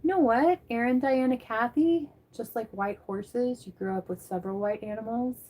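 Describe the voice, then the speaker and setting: A woman's voice: fairly high pitch, moderate pace, a little mellow. A woman livestreamer chatting casually and rambling as she answers viewers by name. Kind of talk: casual chat reading live comments.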